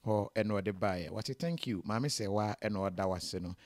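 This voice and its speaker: A Ghanaian man hosts an interview, his voice sitting on the low side. He talks casually and hesitantly, often filling pauses, and his recording is dry and close. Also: no echo. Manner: hesitant, many fillers.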